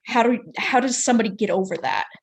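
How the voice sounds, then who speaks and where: A woman's voice: a little high, quick pace. A woman in a support group on a video call, asking a personal question while searching for her words. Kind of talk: casual group discussion.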